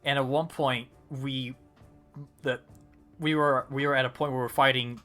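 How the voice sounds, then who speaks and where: Rambling male game master, bright voice. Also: mid-range voice, fairly even intonation, normal speed, faint music behind. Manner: rambling, with many fillers and restarts. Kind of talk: narrating a tabletop game.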